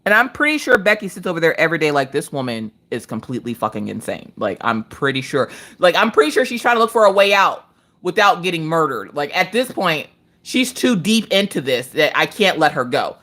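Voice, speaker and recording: A woman's voice: lowish voice, big pitch swings, brisk, fairly bright tone. A Southern woman in her late thirties chatting casually on a craft live stream, telling stories with swearing and a slight slur. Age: 30s.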